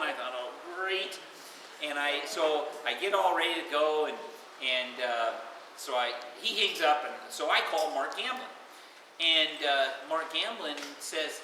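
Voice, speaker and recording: A man's voice: fairly high pitch, animated, normal speed. A man at his retirement party telling stories in a chatty, rambling way, laughing now and then, recorded from far off in an echoey, noisy hall. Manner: chatty, full of filler and restarts, laughing. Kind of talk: casual storytelling.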